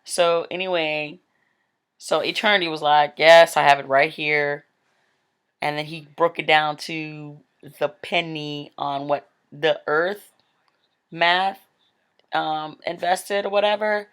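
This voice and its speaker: Telling of a vision, a Christian woman gives a rambling, conversational testimony heavy on "like" and "um." Her voice sits low, slightly bright and clean, delivered slowly in a steady tone.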